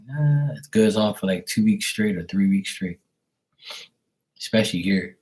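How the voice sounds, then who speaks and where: A man with a somewhat low-pitched voice talks loosely and warmly to his viewers on a live stream. He greets people by name at an easy pace from his home. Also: brisk. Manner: greets viewers by name, affectionate and laid-back. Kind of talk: casual live-stream chat.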